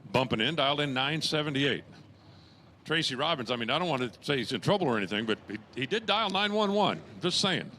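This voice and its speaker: Bright-voiced, jokey drag strip announcer man. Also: mid-range voice, animated, fairly quick, slight background noise. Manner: jokey, chatty asides and puns between races; raises his voice during launches and finishes. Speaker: drag racing track announcer. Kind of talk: live race commentary.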